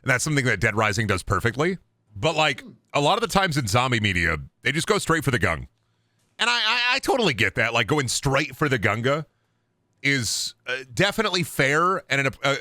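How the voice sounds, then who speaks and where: Young guy streaming a game, bright lively voice, jumps from yelling to muttering, dry close mic. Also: dry recording. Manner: rambling, jokey, swings between loud outbursts and low mutters. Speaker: gaming streamer. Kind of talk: casual gameplay commentary.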